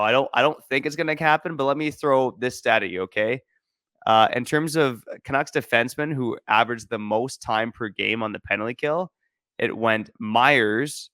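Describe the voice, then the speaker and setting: A man's voice: mid-range voice, moderate pace, fairly bright tone, no echo, clean studio sound. A man co-hosting a casual sports podcast, laying out stats in a laid-back way and laughing easily. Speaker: podcast co-host.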